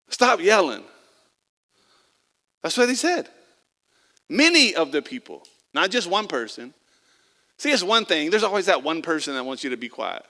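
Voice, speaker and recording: Man, pastor, sermon, high voice, bright tone, conversational, swings between loud and quiet. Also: long reverb tail. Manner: acts out quoted people in a casual voice.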